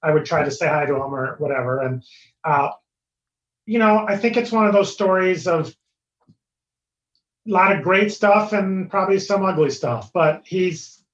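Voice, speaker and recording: A man's voice: sits high, lively intonation, moderate pace, pauses often. A middle-aged man speaking as a podcast guest in hesitant casual talk, full of fillers. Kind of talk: casual chat. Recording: roomy, dull remote audio.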